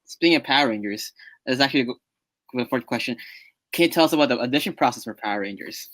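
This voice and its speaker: A woman's voice: extremely low pitch, lively intonation, no echo, low-quality recording. A woman hosting an online interview, asking friendly questions and reading out viewer comments. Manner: friendly questions, quick laughs. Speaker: host. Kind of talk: casual interview talk.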